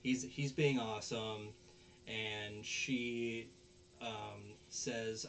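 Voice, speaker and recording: A man's voice: lowish voice, very slow, slight background noise. A man hosting a casual podcast, recapping anime episodes in a rambling way with lots of fillers and restarts, and acting out the characters' lines. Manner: acts out characters' lines in animated voices. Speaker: podcast host.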